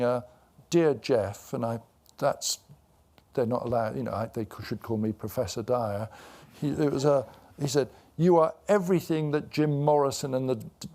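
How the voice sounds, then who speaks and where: A man in his sixties speaks in a live onstage conversation. He wanders through anecdotes, stopping and restarting with plenty of fillers. His pitch sits in the middle range. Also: creaky, darkish tone. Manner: rambling anecdotal storyteller with many fillers and restarts. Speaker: author and guest. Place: event before a live audience.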